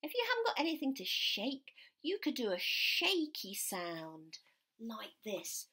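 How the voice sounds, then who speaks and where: Animated woman teacher reading a story. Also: on the high side, a little slow, breathy edge. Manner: animated storytelling that leads children in sound effects. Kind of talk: children's musical story time.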